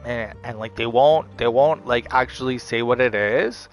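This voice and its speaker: A man's voice: medium pitch, normal speed, lo-fi sound. A man in the middle register talks straight to camera in a loose, repetitive monologue that circles back on itself. He sounds defiant and a little mocking, and faint music plays underneath. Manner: repetitive, heavy with "like" and "you know" fillers. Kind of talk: rambling motivational monologue.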